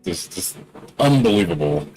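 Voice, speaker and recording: A man rants indignantly while livestreaming a game, repeating himself and using many "you know" fillers. His voice is low, sing-song, a little mellow and slightly rough, at normal speed, and the audio quality is poor.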